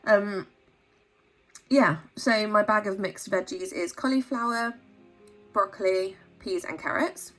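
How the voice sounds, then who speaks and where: A woman's voice: slow pace, long pauses, fairly bright tone, soft background music. A woman with a sore throat, chatting casually in a vlog with many ums and asides. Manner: talks in high baby-talk to her pet bird. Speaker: vlogger.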